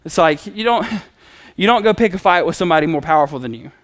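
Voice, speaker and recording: Male preacher, relaxed conversational sermon, high clear voice. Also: fast, dry recording, studio quality. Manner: conversational storytelling with acted quotes.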